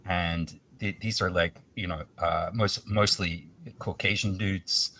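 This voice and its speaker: A man who is a podcast guest, talking in a relaxed, musing way full of fillers. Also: sits low, slow, far from the mic, a little hiss or hum. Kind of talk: casual podcast chat.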